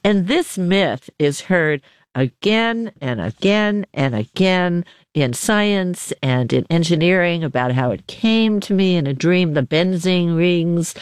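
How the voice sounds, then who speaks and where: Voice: mid-range voice, animated, slow, smooth, no echo. Chatty interview host with a dry sound. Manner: chatty and playful, with filler words and self-deprecating jokes. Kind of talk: conversational interview hosting.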